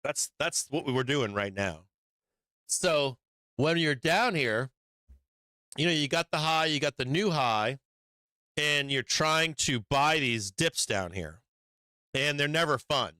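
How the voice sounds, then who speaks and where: A man with a bright, crisp voice giving casual live market commentary over charts. He talks bluntly and swears often. The recording is close and dry. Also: a little high, slow pace, long pauses, no room sound. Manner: profane, blunt, animated chart talk. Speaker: stock market stream host.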